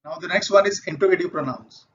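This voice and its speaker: A man teaching grammar in a patient, methodical way, working through example sentences one by one and often repeating his point. His voice sits fairly high. The recording sounds muffled and lo-fi. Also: fast, slightly rough. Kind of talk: explaining grammar over slides. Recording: dull lo-fi recording.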